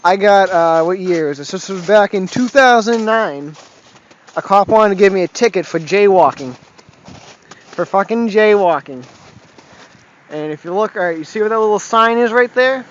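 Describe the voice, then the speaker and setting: Young man rambling, high-pitched and cussing. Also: moderate pace. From Massachusetts. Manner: rambling, swears a lot, chuckles at his own story. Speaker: vlogger. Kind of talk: casual rambling vlog. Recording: dull lo-fi home video audio with faint noise.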